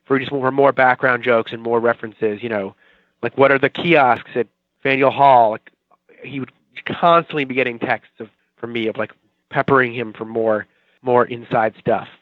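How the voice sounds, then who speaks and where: A man's voice: mid-range voice, steady tone, normal speed, no room sound, narrow, tinny audio. Chatty man from the Boston area. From Boston area, Watertown. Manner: chatty, rambling, self-mocking. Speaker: guest, TV writer. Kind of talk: casual interview chat.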